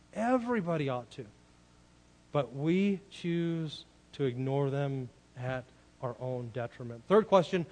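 A man's voice: fairly high pitch, a little mellow. A man preaching a sermon in an earnest way, often asking the listeners rhetorical questions. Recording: long reverb of a large hall.

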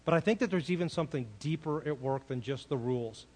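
Fairly high-pitched and a little mellow, this preacher talks fast as he earnestly addresses his audience, repeatedly asking rhetorical questions. A big hall's long reverb surrounds his voice.

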